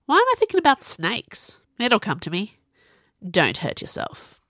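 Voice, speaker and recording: A woman's voice: medium pitch, wildly swooping pitch, moderate pace, a bit bright, no echo, voice pushed up. A laid-back, teasing young musician with a cocky streak, read by a woman narrator. He talks easily, unbothered, in an audiobook read close and dry. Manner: easygoing, teasing. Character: cocky young male drummer mage.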